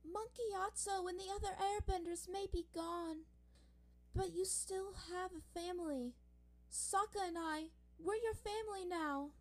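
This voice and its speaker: A woman voicing a gentle teenage girl reassuring a friend, heard from a bit further off. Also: very high-pitched, fairly even intonation, measured pace, voice pushed up. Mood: tender.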